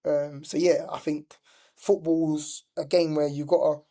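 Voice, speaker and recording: A man's voice: fairly high pitch, level tone, measured pace, dark tone. A middle-aged man, a youth football coach telling stories in a casual podcast chat, full of "like" and "do you know what I mean". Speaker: youth football coach and former professional player.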